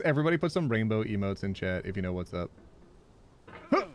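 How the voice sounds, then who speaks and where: A man's voice: fairly low pitch, quick pace. A man live-streaming a game, chatting with viewers, yelping and laughing as he plays. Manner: animated, yelps and laughs while playing, chats with viewers.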